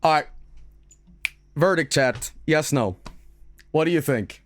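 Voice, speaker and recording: A man's voice: on the high side, animated, slow, slight background noise. A man hosting a live stream and commenting over his own travel footage, laughing often and tripping over his words. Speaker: streamer host.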